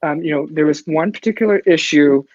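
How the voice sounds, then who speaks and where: A man's voice: a little high, brisk, no echo. A man hosting a casual comics talk show, talking eagerly and rambling with restarts. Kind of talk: casual chat. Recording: dry, dull lo-fi sound.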